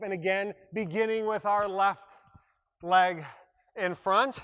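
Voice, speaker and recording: Upbeat, joking fitness instructor. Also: male voice, high-pitched, steady tone, slow, clean tone, highs cut off. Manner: upbeat, joking, breaks off mid-sentence. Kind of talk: coaching a workout class. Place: exercise room.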